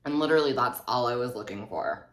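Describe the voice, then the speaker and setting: A woman with a strikingly deep, low voice tells a storytime vlog. Her delivery is snarky and full of swearing, and her pitch swings up and down a lot as she talks. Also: expressive, quick pace. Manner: snarky and heavily profane. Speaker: vlogger.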